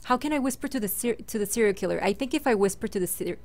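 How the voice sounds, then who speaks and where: A woman hosting a gaming channel, chatting casually and thinking out loud while she plays, laughing often. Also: mid-range voice, animated, very fast. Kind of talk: casual let's-play chat.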